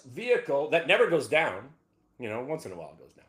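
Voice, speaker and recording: Male trading-show host, fairly high voice with big swings, hyped and loud at peaks. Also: fast. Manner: excitable, swings from low mutter to whooping shouts. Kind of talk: animated trading talk over charts.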